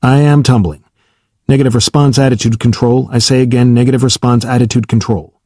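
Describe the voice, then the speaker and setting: A man's voice: mid-range voice, steady tone, a little fast, a little mellow, no room sound, studio quality, close to an everyday voice. A man voicing a blunt male naval test pilot in an audiobook, curt and clipped, swearing when pressed. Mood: clipped calm. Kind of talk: audiobook character reading.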